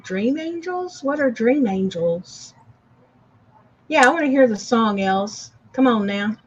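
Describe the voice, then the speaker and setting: A woman's voice: fairly high pitch, expressive, slow pace, highs cut off, slight background noise. A woman co-hosting a live stream, chatting casually and reading out viewer comments, laughing often. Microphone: online streaming call.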